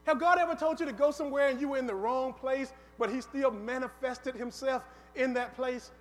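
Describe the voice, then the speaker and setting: A man's voice: extremely high pitch, fairly even intonation, brisk. A man preaching a sermon in a church, telling a story, acting out its voices and calling on the congregation to answer. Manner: call-and-response, acts out voices in the story. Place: church sanctuary. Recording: long hall reverb.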